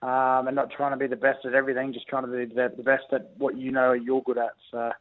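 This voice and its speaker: A man's voice: medium pitch, fast talker. Young guy on the phone to a radio show, tinny line, easygoing, lots of ums. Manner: relaxed, rambling with fillers and restarts. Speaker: guest rugby league player. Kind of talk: casual radio interview over the phone.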